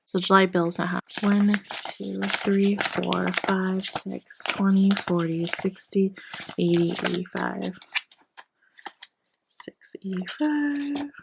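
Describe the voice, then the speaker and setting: Slightly hoarse woman, chatty and gravelly. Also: mid-range voice, flat delivery, slow pace, noisy background. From Canada. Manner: chatty, apologetic, counts bills aloud. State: losing her voice. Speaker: personal finance vlogger. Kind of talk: casual budgeting vlog, counting cash.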